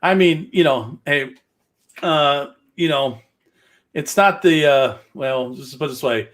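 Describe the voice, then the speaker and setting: This gaming-show host speaks slowly in a higher, fairly bright voice during a casual livestream. His talk wanders, packed with fillers and jokes.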